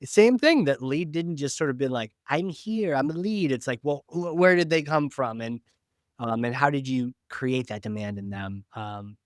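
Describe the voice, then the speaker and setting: A man with a New England accent hosting a podcast, animated and acting out quoted voices in casual talk. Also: medium pitch, moderate pace, clean tone, no room sound, clean studio sound. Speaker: podcast host.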